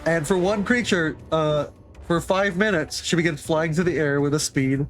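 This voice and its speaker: Halting man running a tabletop game. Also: fairly high pitch, faint music behind. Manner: halting, full of restarts and fillers. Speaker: game master.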